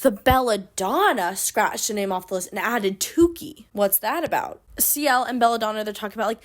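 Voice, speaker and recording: A woman's voice: medium pitch, lively intonation, a little fast. A young woman hosting a book club channel, giving a sarcastic, chatty recap full of "like". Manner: sarcastic, chatty, heavy use of "like". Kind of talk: casual comedic book recap.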